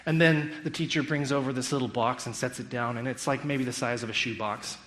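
Animated man telling a story. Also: medium pitch, fairly quick. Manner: acts out quotes, sarcastic. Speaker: speaker critiquing a school curriculum.

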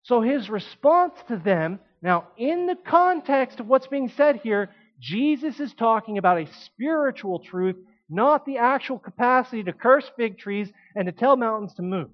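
A man preaching a sermon in an animated, conversational way, with emphatic asides. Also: very high-pitched, moderate pace, few pauses, muffled recording.

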